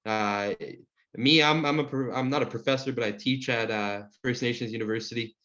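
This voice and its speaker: A man teaching an online language class, answering questions in a relaxed, friendly way with many fillers. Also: medium pitch, brisk. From Saskatchewan, Canada. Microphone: video call. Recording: muffled video call audio.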